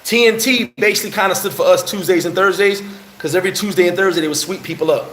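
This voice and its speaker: A man's voice: high-pitched, fast, reverberant, a little hiss or hum, low-quality recording. A man, telling a heated story on a casual live stream and answering chat. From New York. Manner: animated, heated storyteller, acts out quotes. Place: bar in the Dominican Republic.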